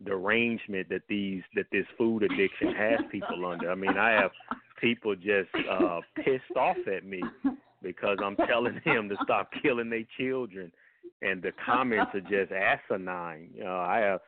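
Blunt low-voiced man on a phone line. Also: moderate pace, noisy background. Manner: blunt, heated, emphatic. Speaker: health guest. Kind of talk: radio call-in talk. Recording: tinny phone line, dry.

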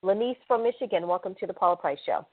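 A woman co-hosting a call-in show, introducing callers in a slow, measured way. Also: medium pitch, animated. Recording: tinny phone line.

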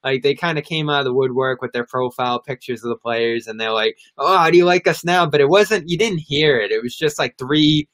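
A man's voice: mid-range voice, brisk, few pauses, fairly bright tone. A man chatting casually about sports on a podcast, chatty and laughing often.

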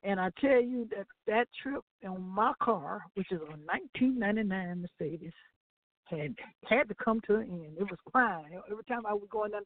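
Animated woman testifying over a phone line. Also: mid-range voice, normal speed. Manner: animated storytelling with laughs and acted-out quotes. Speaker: gospel radio co-host. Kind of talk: testimony on a gospel talk show. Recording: dry, tinny phone-line sound.

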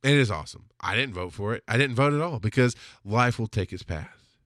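A man, a father and podcast host, telling a confessional personal story with plenty of swearing, swinging from loud outbursts to quiet, subdued lows. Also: animated, brisk, no echo, studio quality.

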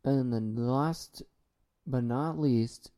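Brief: deadpan male solo talk host, rambling and absurd, dark voice. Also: medium pitch, extremely slow.

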